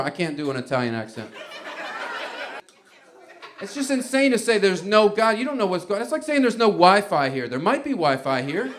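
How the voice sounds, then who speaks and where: A male stand-up comedian working through a set with a slightly higher-than-usual voice. He rambles in a loose, conversational way and often laughs at his own jokes as he goes. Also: very animated, fairly quick, background noise. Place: comedy club stage before a live audience.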